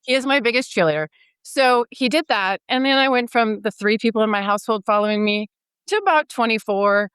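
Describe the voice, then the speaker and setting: Smooth-voiced woman telling her story. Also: on the high side, a little fast, no room sound, clean studio sound. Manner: animated, acts out quoted dialogue. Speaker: podcast guest. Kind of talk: casual storytelling.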